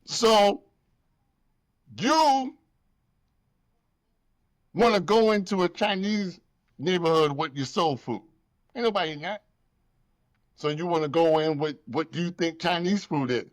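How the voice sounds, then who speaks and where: Sitting high in pitch, this man's voice moves a little slowly, with long pauses, on a dry recording. He hosts a relaxed podcast, telling stories with real feeling, acting out the characters, and cursing freely.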